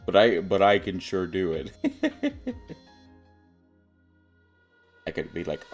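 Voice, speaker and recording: A young man chatting casually while streaming a game, rambling and often breaking into high-pitched laughter. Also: very animated, moderate pace, faint music behind. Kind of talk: casual livestream gaming chat.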